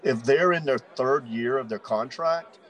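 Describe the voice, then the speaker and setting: A man's voice: medium pitch, unhurried, poor audio. A man who is a coach, explaining on a casual podcast and often repeating words.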